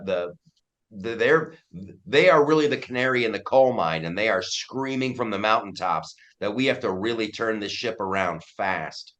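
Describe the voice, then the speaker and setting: A middle-aged man talks as a guest in a relaxed interview, his delivery emphatic and full of restarts. His voice sits at an ordinary pitch for a man. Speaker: guest comedian and commentator. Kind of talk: casual interview chat.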